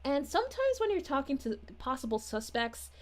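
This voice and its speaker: A woman's voice: sits high, sing-song, brisk. A woman voicing a sweet, bubbly young princess who chats with her livestream audience, gushing and giggly in a sing-song way. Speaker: character streamer reading chat. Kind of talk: in-character livestream chat.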